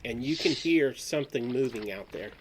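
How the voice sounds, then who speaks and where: A man's voice: medium pitch, moderate pace, background noise. Man running a tabletop game. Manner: relaxed, explains rules step by step. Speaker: game master.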